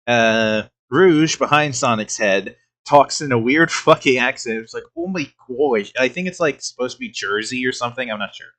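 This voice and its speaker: A man's voice: medium pitch, moderate pace, hardly any pauses, fairly bright tone. A man giving casual reaction commentary as a streamer host, laughing often, swearing, and restarting his sentences.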